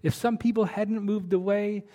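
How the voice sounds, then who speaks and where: A man's voice: sits high, fairly even intonation, normal speed, warm tone. A man preaching a sermon as a pastor, in a conversational way with many fillers and restarts.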